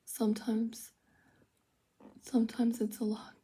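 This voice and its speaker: Rambling woman, fairly high voice. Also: completely flat delivery, slow pace, mellow, slight background noise. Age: adult with children. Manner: rambling, chatty, self-mocking, drops to mutters. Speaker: vlogger doing makeup. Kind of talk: casual get-ready-with-me chat. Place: her room at home.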